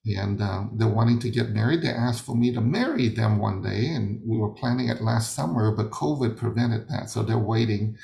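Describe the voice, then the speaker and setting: A man's voice: fairly low pitch, moderate pace, gravelly, few pauses, mellow, reverberant. A man teaching a sermon over a video call, emphatic and fond of rhetorical questions that he answers himself. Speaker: ministry leader teaching a session.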